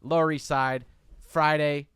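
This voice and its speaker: A young man, a comedian and podcast host, telling a rambling, animated story with lots of restarts. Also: fairly high pitch, unhurried, clear, resonant tone, no echo, clean studio sound.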